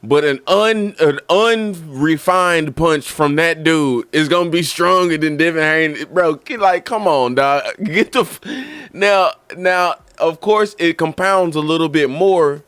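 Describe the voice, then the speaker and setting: Slangy animated man on a dry mic. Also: a little high, a little slow, hardly any pauses, clear, resonant tone, dry recording. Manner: loud, slangy, animated trash talk. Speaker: streamer host reacting to a video. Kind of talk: casual chat.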